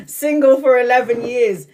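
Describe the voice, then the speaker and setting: A woman's voice: a little high, slow pace, dark tone. A woman doing a live tarot reading, chatting and often laughing while she talks, now and then stretching out phrases for emphasis. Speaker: tarot reader.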